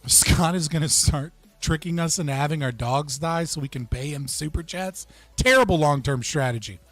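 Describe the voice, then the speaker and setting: Man, streamer host, animated joking rants, close dry mic, faint music behind. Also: a little high, moderate pace, dry recording. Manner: animated, swearing, joking outbursts. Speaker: livestream host. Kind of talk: casual live-stream chat.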